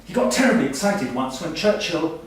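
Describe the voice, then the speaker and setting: A man's voice: fairly high pitch, animated, normal speed, slight background noise, natural voice. A man playing a pompous, boastful male language professor in a stage comedy sketch, heard from far off in an echoey hall. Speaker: comic stage performer.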